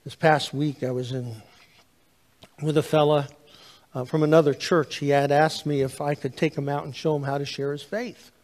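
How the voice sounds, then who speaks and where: A man, a pastor preaching a sermon, telling stories with lively acted-out dialogue. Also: a little high, moderate pace. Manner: animated storytelling, acts out dialogue. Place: church sanctuary. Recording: long hall reverb.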